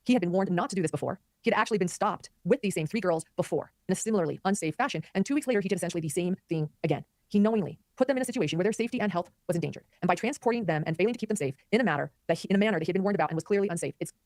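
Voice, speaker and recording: A woman hosting a live commentary stream, talking quickly and animatedly and reading viewer comments aloud. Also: lowish voice, animated, darkish tone, no echo, studio quality. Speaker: commentary host.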